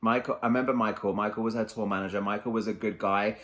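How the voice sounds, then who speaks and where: Thirties male host, low voice, playful teasing tone. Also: fairly even intonation, quick pace, a bit bright. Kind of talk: casual chat.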